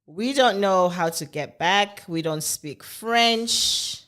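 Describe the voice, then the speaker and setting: A middle-aged South African woman whose first language is Zulu, co-hosting a podcast in lively, emphatic chat and story. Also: mid-range voice, slow pace. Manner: animated storyteller, laughs often, emphatic agreement. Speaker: podcast co-host. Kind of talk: casual chat. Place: podcast recording in Britain.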